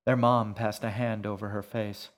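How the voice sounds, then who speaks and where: A man narrating an audiobook in a measured, hushed storytelling manner. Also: fairly low pitch, level tone. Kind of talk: scripted narration.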